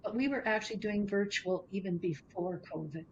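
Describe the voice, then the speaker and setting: Guest woman founder, careful and searching, faint rumble in the background. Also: normal speed, lo-fi sound. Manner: thoughtful, searches for words. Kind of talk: interview answers.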